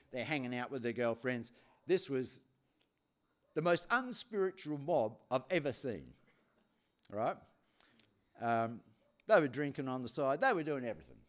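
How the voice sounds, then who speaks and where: A man delivers a sermon as an animated storyteller. His voice rises and falls widely. He piles up repeated phrases for effect. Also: medium pitch. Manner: animated storyteller with many repetitions. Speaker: preacher.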